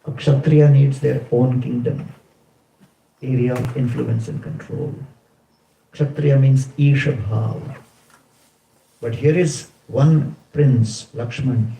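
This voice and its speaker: A man giving a devotional sermon, explaining terms deliberately and acting out quotes as he tells the story. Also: medium pitch, vocal fry, dark tone. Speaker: spiritual speaker. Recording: roomy, distant from mic.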